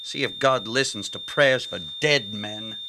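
An actor playing a weary, bitter hospital doctor in a radio drama, brusque and scornful. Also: male voice, lowish voice, measured pace, background noise.

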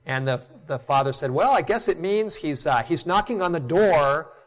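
A middle-aged man preaches with a slightly high voice, lively intonation and normal speed. His sermon rises to emphatic, impassioned peaks before dropping soft and quiet, and he acts out the quotes in his stories.

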